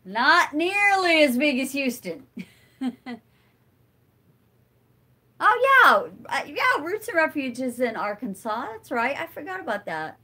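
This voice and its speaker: A chatty middle-aged woman hosting a relaxed livestream, answering viewer comments as she crafts. She talks at an unhurried pace and wanders off as she thinks aloud. Her voice sits a little high. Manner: chatty and rambling, thinks aloud with many fillers. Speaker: livestream host. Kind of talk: casual live chat answering viewer comments while crafting.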